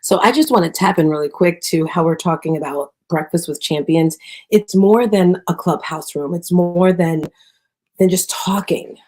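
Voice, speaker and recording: A woman's voice: fairly low pitch, normal speed, dark tone. A woman hosting a live audio chat room, upbeat and chatty, speaking affectionately to the people in the room. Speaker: host.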